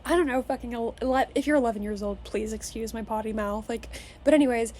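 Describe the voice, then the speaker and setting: A young woman in her twenties, from Las Vegas, talks to her camera from her childhood bedroom in a high voice. She rants with energy, curses freely and leans on "like" as a filler. A faint hum of room noise sits behind her. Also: fast. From Las Vegas, Nevada. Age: 20s. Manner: profane, energetic, filler-heavy with "like". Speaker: vlogger. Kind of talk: casual motivational rant to camera.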